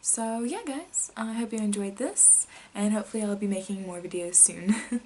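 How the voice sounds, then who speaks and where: A young woman vlogger casually telling childhood stories to camera, rambling with many fillers and sometimes dropping to a soft whisper. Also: medium pitch, normal speed.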